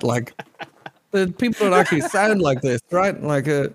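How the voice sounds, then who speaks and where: A man's voice: fairly high pitch, animated, normal speed, slight background noise. A man hosting a podcast, chatting casually, joking and swearing, often restarting his sentences. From Ireland. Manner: joking, swears freely, stumbles over restarts. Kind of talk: casual chat.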